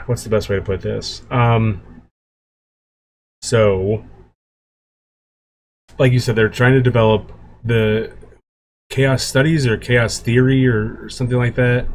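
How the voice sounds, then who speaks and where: A man's voice: mid-range voice, steady tone, unhurried, pauses often, a little mellow, a little hiss or hum. A man co-hosting a podcast in casual chat, rambling and searching for words as he explains. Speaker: podcast co-host.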